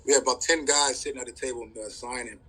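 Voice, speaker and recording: A man from California in his thirties, a former college running back, casually telling a podcast host a story and lively acting out the voices in it. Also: fast, low-quality recording. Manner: animated, acts out quoted voices with big pitch jumps.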